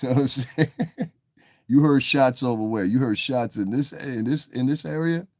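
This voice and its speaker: A man's voice: mid-range voice, a little fast, darkish tone, no echo, clean studio sound. A man hosting a casual livestream, reading his chat aloud and ranting back at the trolls in a confrontational, profane, rambling way. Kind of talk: casual live-stream rant.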